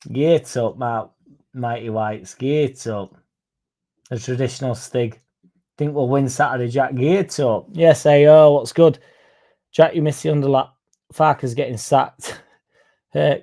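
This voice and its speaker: A man's voice: medium pitch, fairly even intonation, a little slow, dark tone. A young man hosting a football fan livestream, chatting sarcastically and reading out viewer comments. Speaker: fan channel host.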